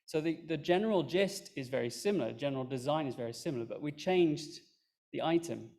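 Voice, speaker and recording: A man's voice: medium pitch, expressive, normal speed, gravelly, a little mellow. A man presenting an academic research talk, explaining his method step by step with fillers and small self-corrections. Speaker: conference speaker.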